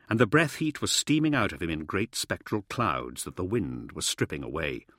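Expressive man narrating a story. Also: sits low, no echo, clean studio sound. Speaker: audiobook narrator. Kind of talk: scripted narration.

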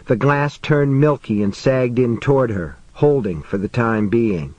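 A man narrates a suspense story in an unhurried, deliberate pace. His delivery is measured and builds quiet tension. The recording is close and dry, with no room sound at all. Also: mid-range voice, no echo, low-quality recording. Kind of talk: audiobook narration.

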